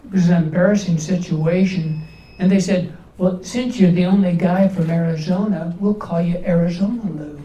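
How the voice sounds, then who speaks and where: An older man doing a stand-up comedy set, delivering one-liners with pauses before each punchline. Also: high voice, expressive, warm tone, lo-fi sound. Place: large indoor event hall. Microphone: distant camera from the back of the room. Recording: echoey hall, from far off.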